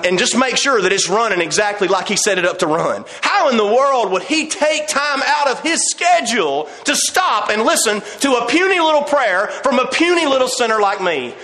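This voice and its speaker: A man's voice: sits high, fairly bright tone, roomy sound. A man preaching a sermon with fervor, acting out voices and laughing now and then. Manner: fervent preaching, acts out quoted voices, laughs often.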